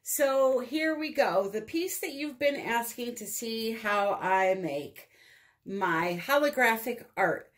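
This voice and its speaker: A woman with a light New England accent talks viewers through a resin art project. Her delivery is slow and unhurried, chatty and upbeat, and she laughs easily at herself. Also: fairly high pitch, expressive. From northeastern United States. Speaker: resin art channel host. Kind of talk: casual craft tutorial.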